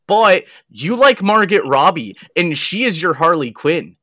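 A man with a bright, forceful voice trades jokes in loose, profane podcast banter. He laughs easily and swears freely. The sound is dry and close. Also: a little high, sing-song, unhurried, dry recording. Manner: joking, swears a lot, laughs often. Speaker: podcast co-host. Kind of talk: casual profane chat.

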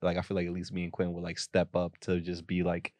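A young man co-hosting a podcast in casual chat, slangy and joking, quick to laugh while he rambles. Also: deep voice, monotone, a little mellow, no echo. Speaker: podcast co-host.

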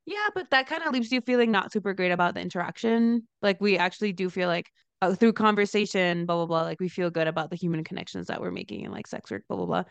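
A young woman co-hosting a podcast, telling a story in a chatty, animated way with lots of fillers. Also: smooth, no echo. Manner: animated storyteller, lots of "like", laughs into high pitch. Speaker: podcast co-host, dancer. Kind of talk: casual chat, storytelling.

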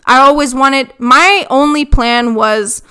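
A young woman chatting casually as a co-host, telling animated stories, laughing often and swearing freely. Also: sits high, slow, clear, resonant tone. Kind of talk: casual chat.

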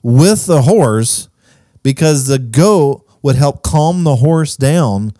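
Easygoing, laughing man, higher voice. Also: expressive, slow, warm tone, no room sound, studio quality. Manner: easygoing storyteller, laughs often. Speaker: podcast co-host. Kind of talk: casual chat.

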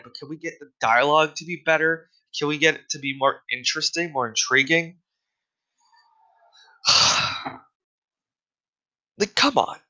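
Man ranting with a bright, forceful voice. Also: fairly high pitch, rough recording. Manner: profane, exasperated ranting with frequent fillers. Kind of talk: casual solo rant.

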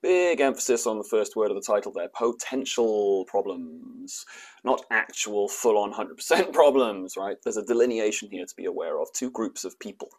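A man's voice: fairly low pitch, expressive, a little fast, few pauses, husky. A man who is a personal trainer, hosting a fitness show and explaining his points in a casual, conversational way with frequent fillers. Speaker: personal trainer, podcast host.

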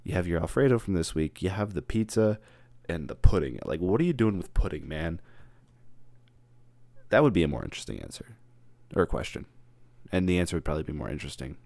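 A man's voice: low-pitched, very animated, a little fast, vocal fry, darkish tone, dry recording. A young man vlogging alone, joking and rambling off on tangents as he acts out mock interviews. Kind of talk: casual rambling monologue.

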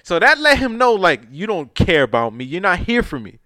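A man's voice: high-pitched, a little fast, no echo, clean studio sound. A man co-hosting a casual podcast chat, retelling movie scenes with loose, profane street talk and acting out the characters. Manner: animated storyteller who acts out movie scenes. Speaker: podcast co-host.

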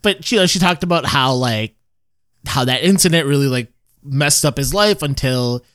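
A man's voice: medium pitch, lively intonation, moderate pace, fairly bright tone. A man co-hosting a podcast, recapping a TV episode in rambling, filler-heavy casual chat. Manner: rambling, many fillers and restarts. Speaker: podcast co-host.

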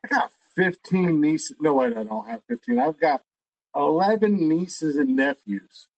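A middle-aged man in casual chat, spinning a rambling story with plenty of stammered restarts and swearing. His voice sits high and swings up and down a lot, with a gravelly edge. The sound is close and dry. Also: very animated, unhurried, darkish tone, no room sound, dull audio.

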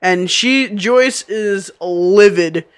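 Guy with a pretty high clean voice, rambly podcast co-host, keeps restarting. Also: drawn-out words. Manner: chatty, rambling, restarts often. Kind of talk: casual podcast chat.

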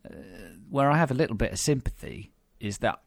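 A man's voice: medium pitch, very animated, a little fast, vocal fry, dry recording, clean studio sound. A British man hosting a podcast, chatting wryly with many fillers and restarts. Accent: British English. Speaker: podcast host. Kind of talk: casual podcast chat.

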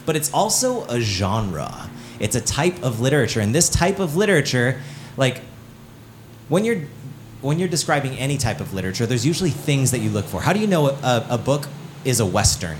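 A man pastor giving a casual teaching sermon to a live congregation, joking often, asking the room questions and filling pauses with "um" and "like". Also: mid-range voice, very animated, a little hiss or hum. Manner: chatty and joking, with many fillers like "um" and "like"; asks the audience questions and waits for replies.

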